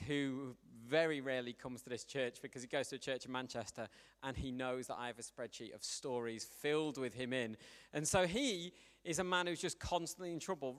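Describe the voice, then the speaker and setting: A man gives a sermon, telling stories in a chatty, lively way. His voice sits a little higher than most men's. The church's long reverb trails after each phrase. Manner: conversational, animated storytelling. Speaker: preacher.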